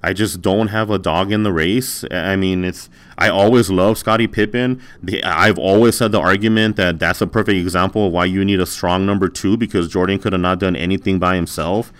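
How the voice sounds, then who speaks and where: A man's voice: deep voice, fairly even intonation, brisk, hardly any pauses, fairly bright tone, clear, resonant tone. A man in casual, swearing banter, defending a cynical point of view in an argument.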